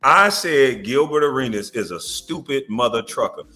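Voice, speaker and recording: A man's voice: medium pitch, animated, moderate pace, pushed and bright. A man hosting a reaction show, ranting bluntly and profanely, mocking his target. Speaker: host. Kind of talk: reaction commentary rant.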